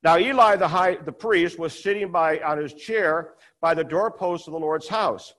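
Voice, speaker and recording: A man's voice: normal speed, a bit bright. A man preaching a conversational sermon, retelling a scripture story and acting out the quoted lines. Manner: conversational, acts out quoted dialogue with rising pitch.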